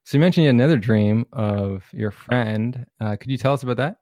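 A man's voice: mid-range voice, moderate pace, mellow, no echo, clean studio sound. A man hosting a podcast who encourages and thanks his guest as he leads the talk. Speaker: podcast host. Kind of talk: casual interview chat.

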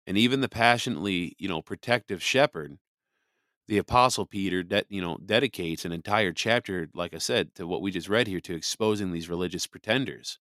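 Low-voiced man giving casual Bible commentary. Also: fairly quick, fairly bright tone, no echo, studio quality. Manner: conversational, frequent "you know" fillers, emphatic preaching. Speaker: podcast host.

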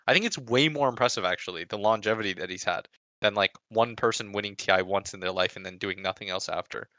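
Man, casual podcast storyteller, energetic ranter, lowish voice with a bright edge, dry booth. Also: fast talker, dry recording. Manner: animated storytelling, heavy swearing, rants. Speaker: pro esports player recounting a tournament.

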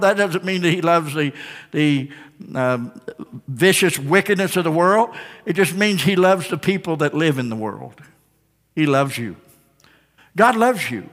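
High-voiced preacher guy, bright and sharp, folksy storytelling that builds up fervent, big hall echo. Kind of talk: sermon.

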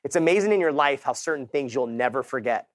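In a dry, studio-quality recording, a Southern Californian man in his thirties speaks fast in a mid-range voice. As keynote speaker at a motivational sales event, he tells his own story in slangy, casual terms and plays out the people he quotes.

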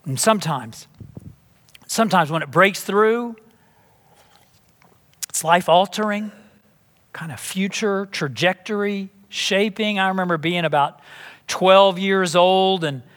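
A pastor from Texas preaching a sermon in a church, emphatic and full of rhetorical questions. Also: male voice, high voice, takes it slowly, long pauses, a bit bright. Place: church sanctuary. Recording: long reverb in a big hall.

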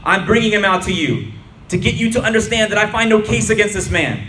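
Man reading as a stern roman governor, impatient, forceful, raised pitch, echoey hall. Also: animated, a little fast, slight background noise. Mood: demanding. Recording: roomy hall with faint ambience.

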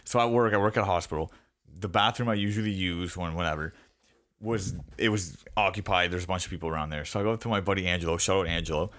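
A Canadian man in casual conversation, telling stories with joking repetition. His voice sits somewhat low. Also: quick pace, fairly bright tone. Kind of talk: casual chat.

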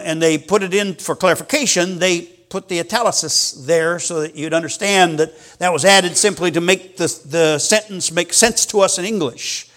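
A man's voice: sits high, fairly bright tone. A male pastor preaching a Sunday sermon, acting out scripture quotes with dramatic emphasis.

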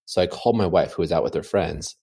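A man chatting casually from home, telling an animated, rambling story full of fillers. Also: sits low, fast talker, gravelly, slightly rough. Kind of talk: casual chat.

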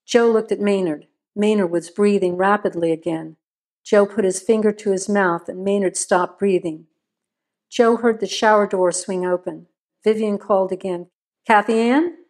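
A woman reading a crime story aloud in a steady, measured narration. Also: mid-range voice.

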